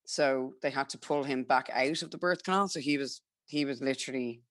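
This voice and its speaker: A young Irish woman chatting casually, telling a story with lively acted-out quotes and frequent laughs. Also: extremely low pitch, a little fast. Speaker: podcast guest telling a birth story. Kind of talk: casual chat.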